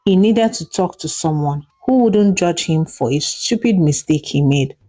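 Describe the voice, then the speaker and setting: Slow, mellow Nigerian storyteller woman. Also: lowish voice, expressive, faint music behind. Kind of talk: scripted story narration.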